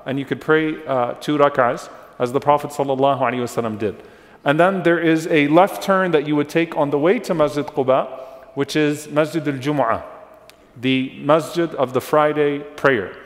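Man lecturing in a big echoing hall. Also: a little high. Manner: explanatory, repeats names and checks in with the audience. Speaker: Islamic lecturer. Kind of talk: religious lecture on early Islamic history. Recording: long hall reverb.

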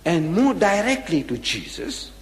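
A man's voice: sits high, very animated, a little slow, big-room sound. A man giving a public religious lecture, emphatic, firing rhetorical questions and repeating his points.

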